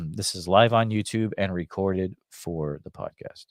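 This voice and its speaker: A man's voice: low voice, unhurried, no echo, studio quality. A man hosting a live call-in show, chatting casually and rambling, with many fillers and restarts and a slight Massachusetts accent. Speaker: host of a live call-in podcast. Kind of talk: casual live-stream chat.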